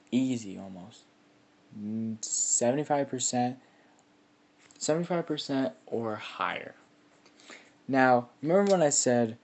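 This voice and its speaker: A man's voice: mid-range voice, darkish tone. A man casually telling a made-up fan story, rambling with lots of filler words.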